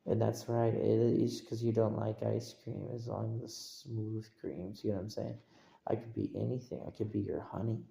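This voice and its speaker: A man's voice: fairly low pitch, flat delivery, moderate pace, creaky, mellow, echoey room. A man streaming, rambling and repeating himself as he keeps asking listeners if they agree. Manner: rambling, repetitive, asks for agreement. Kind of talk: casual livestream rambling.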